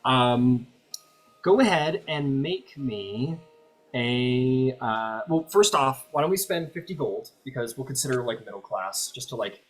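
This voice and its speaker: A man's voice: medium pitch, lively intonation, a little slow. A man narrating as game master, describing scenes in a rambling, filler-heavy way.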